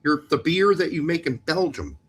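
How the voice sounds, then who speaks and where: A man co-hosting a casual soccer show, his pitch bouncing lively up and down as he jokes and teases. He sits a little higher than most men and keeps things loose and playful. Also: moderate pace, slight background noise. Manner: joking, animated, teasing about pronunciations. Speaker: podcast co-host.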